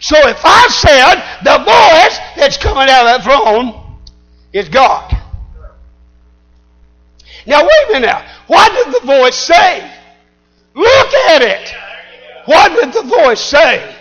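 A man preaching a sermon, shouting in call-and-response style. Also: very high-pitched, big pitch swings, takes it slowly, pauses often, soft background music, low-quality recording.

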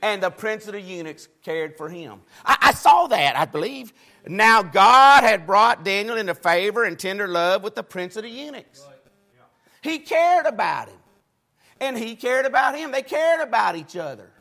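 A man preaching a sermon, with a preaching cadence that swings from loud exclamations to quiet asides. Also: high voice, sing-song, moderate pace.

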